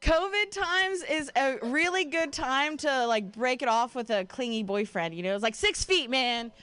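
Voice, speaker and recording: A young woman works through a stand-up set in a loose, profane, self-deprecating ramble, leaning on "like" and "you know." Her voice sits a touch high and the sound is dry and close to the mic. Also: normal speed, fairly bright tone, smooth, no echo. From Ohio, USA. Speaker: stand-up comedian.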